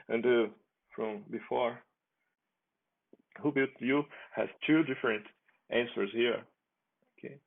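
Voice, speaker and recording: A man giving a relaxed, chatty demo of his own software, restarting phrases and chuckling now and then. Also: medium pitch, gravelly. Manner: relaxed, chatty, with frequent restarts and small laughs. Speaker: software developer demoing his app. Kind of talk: casual screen-recorded software demo. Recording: tinny phone-like sound.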